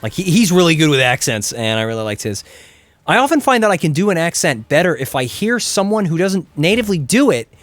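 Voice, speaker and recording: A man streaming a video game with casual commentary, excitable, swearing and begging his character to survive. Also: a little high, a little fast, no room sound. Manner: excitable, begs and yells at the game, swears freely.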